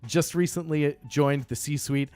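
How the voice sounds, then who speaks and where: A man's voice: fairly high pitch, fairly even intonation, unhurried, darkish tone, clean tone, no room sound. A man chatting casually on a game live stream, upbeat and greeting viewers by name.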